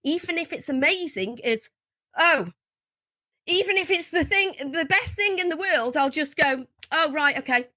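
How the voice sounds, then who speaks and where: Bright, lively woman, swearing freely. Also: very high voice, normal speed, dry recording. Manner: animated, swears freely, laughs often. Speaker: podcast guest. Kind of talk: casual podcast chat.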